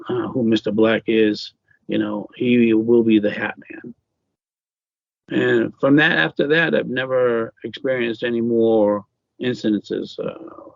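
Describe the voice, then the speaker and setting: A man being interviewed as an author, telling a personal ghost story in a halting way with many fillers and restarts. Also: on the low side, gravelly, no room sound, highs cut off.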